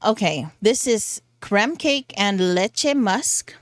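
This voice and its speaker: A woman's voice: medium pitch, lively intonation, takes it slowly, no room sound. Giggly woman vlogger, dry close sound. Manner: giggly, chatty, goofy asides. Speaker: beauty vlogger. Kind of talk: casual fragrance haul review.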